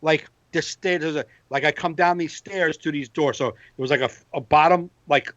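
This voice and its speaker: A man, a comedian hosting a podcast, telling a profane, animated story in casual banter. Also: fairly high pitch, normal speed, no room sound, lo-fi sound. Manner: animated storyteller, profane, acts out quoted voices.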